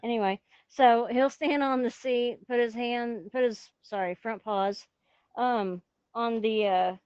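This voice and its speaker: Slow, giggly woman on a headset. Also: fairly high pitch, steady tone, a little mellow, clean tone, no room sound, lo-fi sound. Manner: giggly, rambling, often breaks off to talk to her cat. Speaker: guest streamer. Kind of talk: casual chat.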